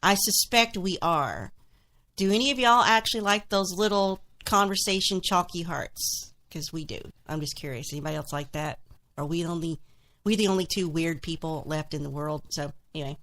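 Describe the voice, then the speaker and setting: A woman's voice: lowish voice, normal speed, fairly bright tone. A woman co-hosting a live show, chatty and casual, putting questions to the chat. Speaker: podcast co-host.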